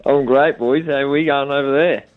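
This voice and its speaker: A man, a retired cricketer, answering modestly and haltingly in a radio interview. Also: mid-range voice, steady tone, dry recording, soft background music. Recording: tinny phone line.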